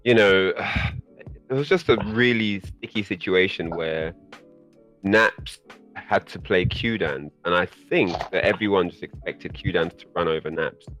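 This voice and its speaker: A man guest on a podcast, telling a story in a casual, animated way and laughing often. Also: a little slow, highs cut off, faint music behind. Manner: animated, laughing, rising pitch when excited.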